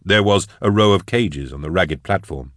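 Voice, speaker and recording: Deep-voiced male audiobook narrator. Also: normal speed, a bit bright, no echo, studio quality. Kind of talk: scripted fiction narration.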